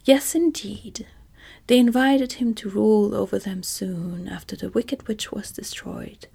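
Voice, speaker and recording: A woman's voice: medium pitch, fairly even intonation, measured pace, gravelly, warm tone, breathy edge, exaggerated voice. A woman voicing a cheerful, earnest male scarecrow in a whispered role-play, speaking breathily. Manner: earnest, eager.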